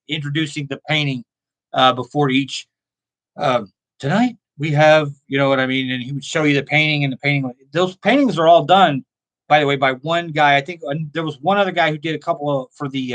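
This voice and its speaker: Guy on a live stream, chatty and rambly, lots of likes and uhs, voice sits a bit high. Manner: rambling, animated storyteller with frequent fillers. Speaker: live stream host reading chat. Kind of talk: casual chat.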